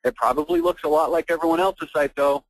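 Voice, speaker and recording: A man giving a fired-up, blunt sales pitch as host of a marketing webinar on an online call. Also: fairly even intonation, fast, dry recording, rough recording. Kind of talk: persuasive sales presentation.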